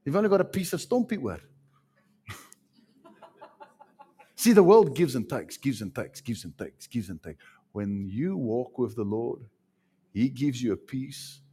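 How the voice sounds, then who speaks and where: A man preaching a sermon, swinging between loud emphatic lines and hushed ones. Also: medium pitch, very animated, a little slow, pauses often, slightly rough.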